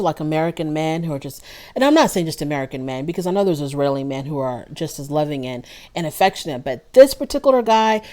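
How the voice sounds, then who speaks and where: A woman's voice: lowish voice, a little mellow. A woman giving a casual, opinionated recap of a reality show episode. She talks directly to the people on the show and often uses fillers and restarts. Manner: chatty with frequent ums and restarts. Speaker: reality TV reviewer.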